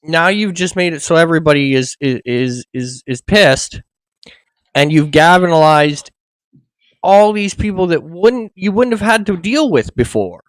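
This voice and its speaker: A man's voice: on the high side, lively intonation, measured pace, dry recording, low-quality recording. A man hosting a casual history chat show, thinking aloud and often stammering and repeating words. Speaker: podcast host.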